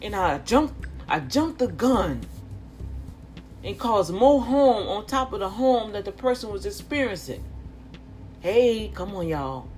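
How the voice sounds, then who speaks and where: A woman's voice: medium pitch, very animated, takes it slowly, long pauses, darkish tone, faint music behind. A middle-aged woman preaching informally and with fervor, repeating herself and calling out to her listeners. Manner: fervent, repetitive, with calls to the listeners.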